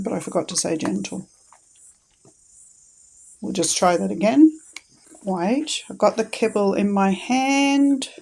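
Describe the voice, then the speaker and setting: A woman in a casual instructional vlog, talking calmly and patiently and encouraging her dog as she trains it. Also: mid-range voice, vocal fry, rough recording.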